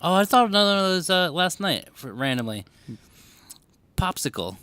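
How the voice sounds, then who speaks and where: A man's voice: high voice, sing-song, moderate pace, bright, forceful tone, clean tone, no room sound. A young man co-hosting a casual podcast recorded in a record store, laid-back, swearing freely and often laughing. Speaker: podcast co-host. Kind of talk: casual chat.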